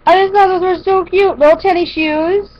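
Chatty high-voiced woman showing a haul. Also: fairly even intonation, normal speed, a little mellow. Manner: chatty, rambling with frequent fillers and restarts. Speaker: vlogger showing a shopping haul. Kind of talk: casual chat to camera. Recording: dull lo-fi home video audio.

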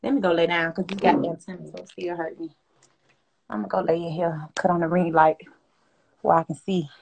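A woman hosting a casual phone livestream, talking loudly and profanely in a rambling way. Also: on the low side, fairly even intonation, brisk, gravelly, husky. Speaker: livestream host.

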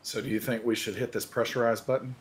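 A man's voice: mid-range voice, flat delivery, quick pace. A man playing a tabletop role-playing game, playfully describing his character's actions. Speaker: player. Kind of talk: casual tabletop play.

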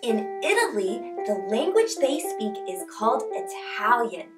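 A woman hosting a preschool lesson, talking to toddlers in a bright, exaggerated, encouraging way and breaking into little sing-along chants. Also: on the high side, sing-song, unhurried, recorded from a distance, over music. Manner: bright, exaggerated, encouraging kids-show delivery. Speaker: children's show host.

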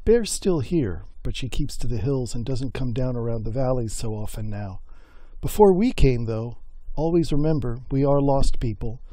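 A man telling a folk myth in a folksy, unhurried way, recorded on a close mic. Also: medium pitch, dark tone, dry recording. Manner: folksy and unhurried, with voiced characters. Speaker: storyteller. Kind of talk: oral storytelling of a folk myth.

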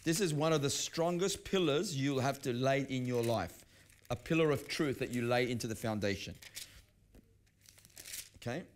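A man's voice: mid-range voice, normal speed, pauses often, a little hiss or hum. A middle-aged man preaching a sermon, conversational, often restarting his sentences as he tells personal stories. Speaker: pastor. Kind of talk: sermon teaching.

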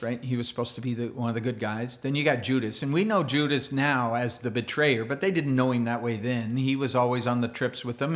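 A pastor preaching a sermon in a church, animated and acting out quoted voices. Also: male voice, medium pitch. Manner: animated, acts out quoted voices, laughs often.

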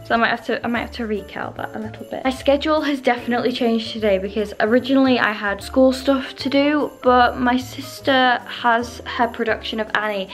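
A woman chatting in a casual vlog, gushing and excitable. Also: a little high, brisk, few pauses, faint music behind. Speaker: vlogger.

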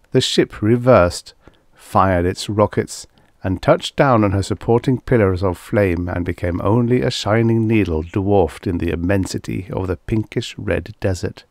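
Deep-voiced male audiobook narrator. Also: a little mellow, no room sound, studio quality. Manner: measured, storytelling.

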